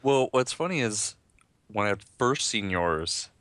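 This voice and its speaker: A young man co-hosting a casual podcast, teasing and cracking deadpan jokes. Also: on the low side, measured pace, no echo. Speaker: podcast co-host. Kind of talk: casual chat.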